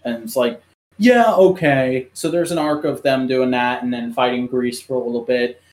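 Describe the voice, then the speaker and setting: A man in casual podcast chat, retelling a show in a rambling, profane, animated way with lots of restarts. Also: medium pitch, a little fast. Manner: many fillers and restarts.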